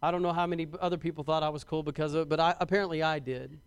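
A man's voice: a little high, steady tone, very fast, clean tone. A man preaching a sermon to his congregation in a conversational way, often restarting and repeating words and asking the congregation questions. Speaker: pastor.

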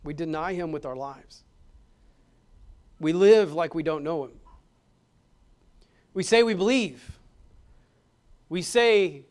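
A male pastor delivering a sermon, moving between hushed passages and loud, emphatic ones. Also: on the high side, takes it slowly, long pauses. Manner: dynamic preaching, swings from hushed to loud and emphatic. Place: church.

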